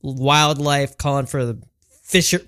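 A young male host with a mid-pitched voice who chats eagerly, often repeating himself and stumbling into restarts. The sound is dry and close to the mic. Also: measured pace, fairly bright tone, clear, resonant tone, no room sound. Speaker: podcast host. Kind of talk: casual interview chat.

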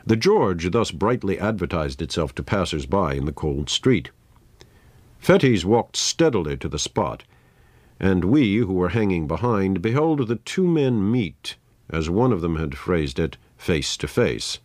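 A man reading a story aloud in a measured, dramatic manner. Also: low voice, sing-song, a little mellow, no room sound. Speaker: narrator. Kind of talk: scripted story narration.

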